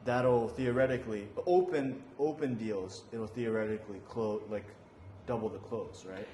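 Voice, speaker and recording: A man's voice: fairly low pitch, steady tone, normal speed, mellow. Man thinking aloud in a roomy space. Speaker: marketing partner, co-host. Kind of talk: casual business chat. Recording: roomy, with faint noise.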